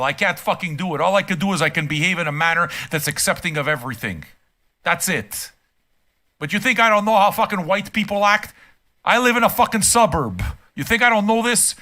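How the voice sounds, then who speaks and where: An older man holds forth in a casual rant, his voice pitched high for a man and swinging widely up and down. The tone is bright and sharp, and his delivery is heated and heavy with swearing. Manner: profane, emphatic and heated. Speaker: streamer reacting to music. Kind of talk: casual ranting commentary. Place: home room.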